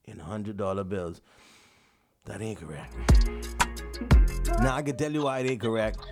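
A man's voice: lowish voice, expressive, moderate pace, loud music behind the voice. A man hosting a radio call-in contest, playful and teasing, repeating callers' answers and hyping the show. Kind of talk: lively radio call-in banter.

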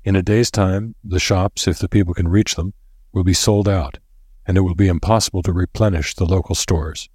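A man reading aloud, voicing a grim, solemn old professor who speaks gravely. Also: deep voice, fairly even intonation, a little mellow, dry recording, studio quality. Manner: grave, measured. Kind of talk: audiobook character voice.

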